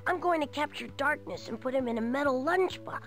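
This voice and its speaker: A woman's voice: high-pitched, a little fast, lightly acted. A woman voicing a cheerful, earnest young boy hero in a kids' adventure game. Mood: chipper. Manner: chipper, earnest. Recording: game audio with music.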